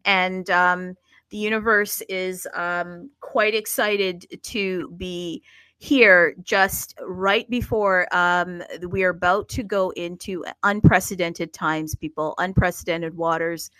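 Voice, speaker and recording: A woman's voice: lowish voice, slow, clean tone, no room sound, rough recording. Chatty woman hosting a casual livestream. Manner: chatty, animated, with restarts. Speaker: host.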